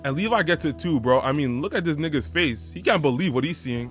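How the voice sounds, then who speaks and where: A man's voice: fairly high pitch, fast, hardly any pauses, fairly bright tone, faint music behind. A young man hosting a blunt, profane, mocking rant about cartoon characters. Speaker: host. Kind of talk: casual rant commentary.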